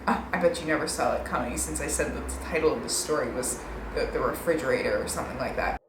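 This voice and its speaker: An echoey room carries this young woman's extremely low, fast voice. She's a vlogger in her twenties telling casual stories, rambling, self-mocking, and saying "like" a lot.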